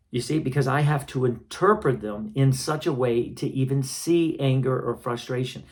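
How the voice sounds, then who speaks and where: A calm, patient man at a medium pitch teaches spiritual healing. He repeats his key phrases and keeps pausing to check that his listeners follow. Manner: repetitive, reflective phrasing. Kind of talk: teaching talk to an audience.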